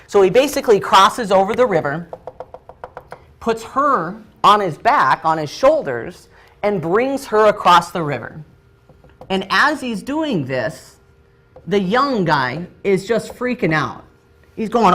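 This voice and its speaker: A man's voice: sits high, sing-song, slow, pushed and bright. A man leading a training session, telling a story freestyle while drawing, loose and chatty with many fillers and restarts.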